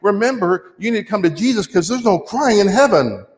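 A man with a fairly high voice preaches a sermon, talking to his congregation like a conversation. He slows right down to press on key words. His voice rings through a church hall with a long, echoing reverb. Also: animated. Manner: conversational preaching with slow emphatic stresses.

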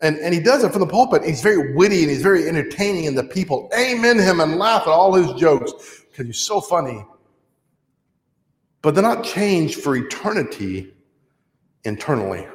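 A man's voice: a little high, sing-song, normal speed. Man preaching in an echoey church hall. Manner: conversational, plain teaching delivery with wry asides. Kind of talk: teaching sermon. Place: church sanctuary.

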